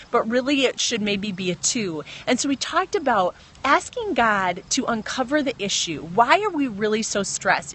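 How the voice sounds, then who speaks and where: A woman's voice: on the high side, fairly bright tone. A woman in her thirties giving a casual devotional talk on a phone livestream, earnest and chatty, stopping to answer viewer comments. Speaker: Christian livestream host.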